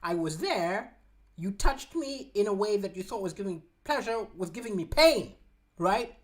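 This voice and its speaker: A man's voice: high-pitched, lively intonation, a little slow. A man doing a fed-up complaining girlfriend. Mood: exasperated. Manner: weary, blunt complaining. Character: fed-up girlfriend complaining about her partner.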